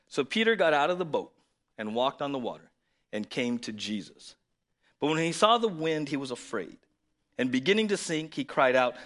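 A man preaching a sermon to his church, lively and conversational, reading scripture aloud and then explaining it. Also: on the high side, moderate pace. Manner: lively, conversational preaching with sudden loud emphasis. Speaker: pastor.

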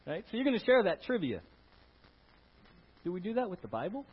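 A man preaching a sermon in church, talking in an animated way, rising to loud emphatic bursts and putting questions to the congregation. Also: fairly high pitch, fast talker, pauses often, husky. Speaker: pastor. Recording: dull lo-fi sound.

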